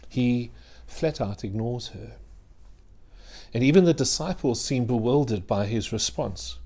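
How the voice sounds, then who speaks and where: A male minister preaching a sermon in an earnest, conversational way, with dramatic pauses. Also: mid-range voice, expressive, darkish tone.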